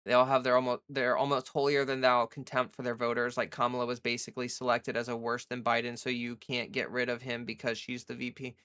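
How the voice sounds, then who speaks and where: A woman's voice: a bass voice, completely flat delivery, a little fast, hardly any pauses, a bit bright. A woman hosting a casual livestream from home, chatting loosely with many "like" fillers and answering viewers' chat. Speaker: livestream host.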